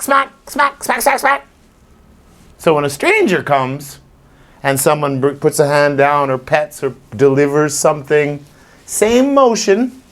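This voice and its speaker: A man who trains dogs, talking informally to a live audience and acting out scenes with little voices. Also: a little high. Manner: animated, acts out scenes with voices. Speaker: dog trainer.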